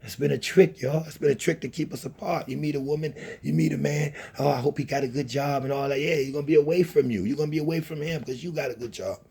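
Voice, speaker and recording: A man's voice: a little high, fast talker, creaky, hardly any pauses, a little mellow, breathy edge. A man delivering a scolding, preachy monologue to camera, repeating himself as he lectures. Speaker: channel host.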